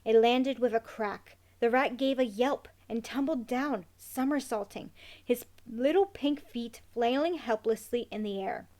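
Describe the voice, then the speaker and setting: A woman reads a children's novel aloud in a measured, expressive way. Her voice sits a little higher than most women's, and the telling stays calm and even. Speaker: narrator. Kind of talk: scripted narration of a children's novel.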